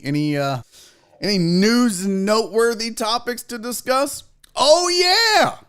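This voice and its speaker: A man hosting a sports talk show, joking loosely and swearing in casual banter. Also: high-pitched.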